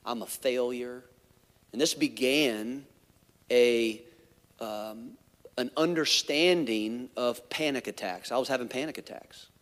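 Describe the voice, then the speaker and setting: A man's voice: mid-range voice, slow, a bit bright, big-room sound. A man, a pastor, telling a personal story in a sermon, candid and conversational with many asides.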